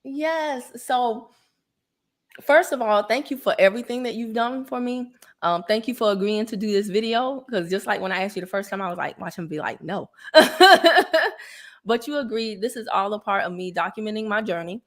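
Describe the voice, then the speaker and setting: A woman's voice: a little high, normal speed. Chatty woman hosting a livestream. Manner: chatty, gives shout-outs, laughs often. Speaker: livestream host. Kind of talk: casual livestream chat.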